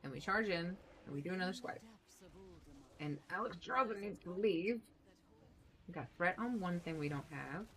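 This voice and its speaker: A woman streamer giving casual, excitable gameplay commentary, chatty and blunt, with some mild swearing. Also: fairly low pitch, normal speed, pauses often, slight background noise, poor audio. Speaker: game streamer.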